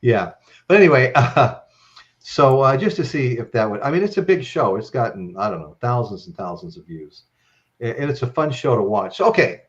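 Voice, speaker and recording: A man's voice: mid-range voice, animated, normal speed, lo-fi sound. A man hosting a live-stream chat, telling stories in a rambling way and ending lines with "okay?". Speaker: host.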